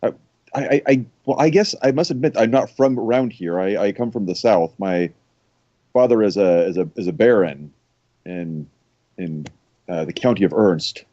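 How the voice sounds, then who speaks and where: A man's voice: fairly low pitch, moderate pace, dark tone, dry recording, natural voice. A man playing a stammering courtly noble. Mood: flirting. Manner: stammering, courtly speech with many restarts. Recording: dull lo-fi mic.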